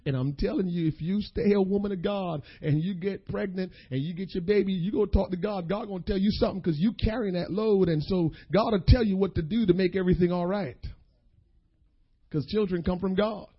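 A man's voice: high voice, fairly quick, husky. A man preaching a sermon in a folksy, impassioned way and speaking directly to his congregation. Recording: dull lo-fi sermon recording.

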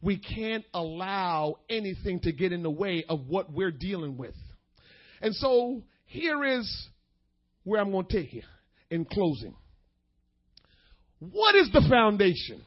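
A man preaching a sermon, shifting between quick asides, slow emphatic phrases and bursts of shouting. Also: high voice, very animated, highs cut off. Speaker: pastor.

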